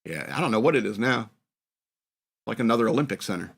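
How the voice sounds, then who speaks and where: A man in his forties from northern New York hosts a podcast, rambling through memories of his youth and laughing at himself. His voice is fairly low, creaky and husky, and he talks fast with lots of expression. It's a casual, reminiscing chat.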